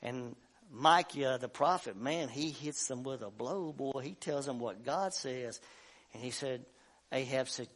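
A man preaching a sermon as pastor of a church, acting out the voices of the story and rising at times to shouts. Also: mid-range voice, measured pace. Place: church sanctuary.

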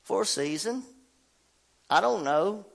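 A man preaching a sermon to a church congregation, fervent and rhythmic, swinging between shouted climaxes and quiet, low asides and calling out to the crowd for response. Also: expressive, takes it slowly, vocal fry. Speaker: pastor. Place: church service.

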